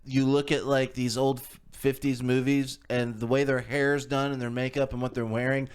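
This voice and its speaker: A man's voice: mid-range voice, little pitch movement, normal speed, clear, resonant tone. A man in his forties chatting casually as a podcast co-host, telling wry stories with joking asides. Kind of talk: casual chat.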